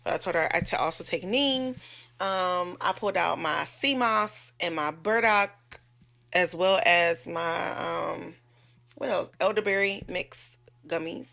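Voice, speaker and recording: A woman's voice: on the low side, unhurried, creaky, sharp tone. A woman who works as a nurse, telling a story to her camera in a candid, chatty way and cursing freely. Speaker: nurse and vlogger.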